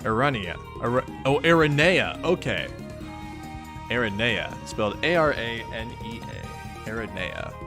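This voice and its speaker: A man's voice: mid-range voice, lively intonation, a little slow, over music. A man reading a webcomic aloud in a casual read-along, chatting and reacting to it and laughing often. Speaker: webcomic reader.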